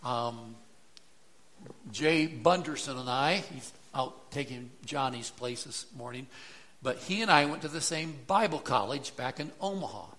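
A man's voice: medium pitch, a little slow, fairly bright tone. A middle-aged man preaching a sermon as pastor, in a conversational way, often checking in with "right?". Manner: conversational, tag questions like "right?".

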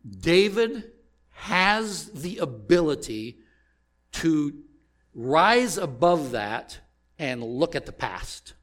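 A pastor delivers a sermon in a slightly high voice. He speaks slowly and deliberately. He keeps turning to his listeners with rhetorical questions. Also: big pitch swings, a bit bright.

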